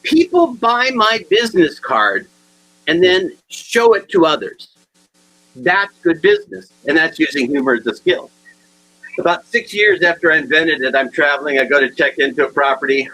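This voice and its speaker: A man giving a humorous keynote talk to realtors, acting out both sides of his stories with animated delivery. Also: on the high side, a little fast, poor audio. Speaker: motivational speaker.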